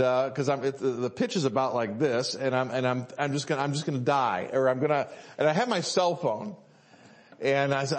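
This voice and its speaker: A male pastor, preaching a sermon and telling a story with many fillers and restarts. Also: mid-range voice.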